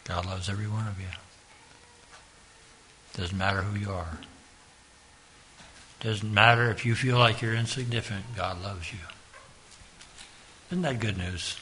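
A man preaching a sermon, slow and earnest, repeating his point and rising to sudden loud emphasis. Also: fairly low pitch, steady tone, a little hiss or hum.

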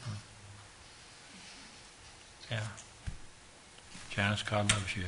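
A man preaching a sermon, slow and earnest, repeating his point and rising to sudden loud emphasis. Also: on the low side, slight background noise.

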